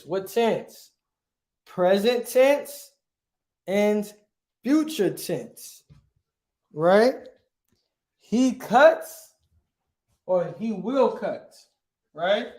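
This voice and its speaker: A man's voice: sits high, darkish tone, echoey room. A male teacher giving a grammar lesson, asking his class questions and answering them himself, often checking with "right?".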